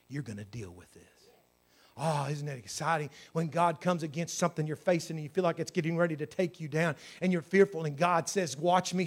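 A man preaching a sermon, moving between loud exclamations and quiet, hushed asides. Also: fairly high pitch. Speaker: pastor.

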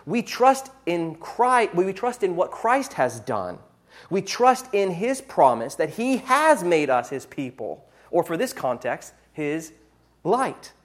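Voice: medium pitch, sing-song, slow. A preacher delivering a sermon in an earnest teaching manner, sometimes stopping to correct a word.

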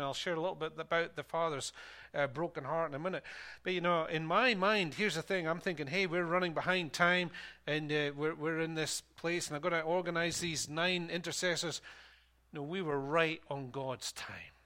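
A man, a pastor preaching a sermon and telling a story, animated and laughing at times. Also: on the high side, moderate pace.

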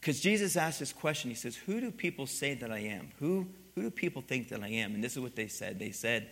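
A pastor with a medium-pitched, lively and brisk voice preaches a sermon that shifts from quiet teaching to loud, emphatic passages. He also calls on the congregation to respond.

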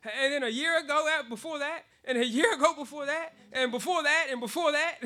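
A man preaching, his voice sitting very high and ringing sharp and bright. He keeps it animated, breaking into laughter between phrases and hammering words through repetition. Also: fairly quick. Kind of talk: sermon.

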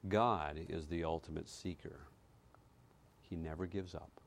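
A man preaching a sermon, reading scripture with dramatic swings between loud declaration and hushed quiet. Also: rumbling low, steady tone, measured pace, gravelly, slight background noise. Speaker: pastor.

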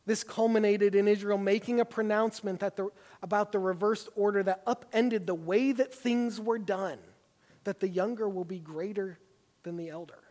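High-voiced guy giving a sermon, leans hard on key words, echoey big hall sound. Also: steady tone, normal speed. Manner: emphatic, builds to forceful stresses. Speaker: pastor. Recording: long hall reverb.

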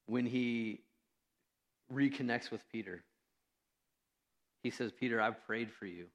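A man preaching a sermon as pastor, in a conversational way, joking at his own expense and acting out the lines of the people in his story. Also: lowish voice. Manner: conversational, self-deprecating, with fillers and acted-out quotes. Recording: preached in a reverberant church hall.

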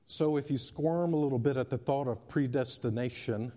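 A man's voice: mid-range voice, moderate pace, mellow. A male pastor preaching a sermon, reading scripture and driving points home with emphatic repetition. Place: church sanctuary.

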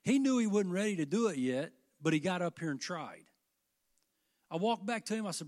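A man's voice: high voice, lively intonation, brisk, darkish tone. An older man preaching a sermon to his congregation, with fervent delivery that rises and falls. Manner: fervent, rising and falling delivery.

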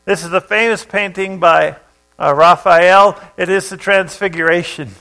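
A man's voice: sits high, fairly even intonation, unhurried, gravelly, bright, forceful tone, soft background music, rough recording. A man preaching a sermon, reading a Bible passage aloud and then explaining it in a loose, conversational way with fillers and restarts. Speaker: pastor.

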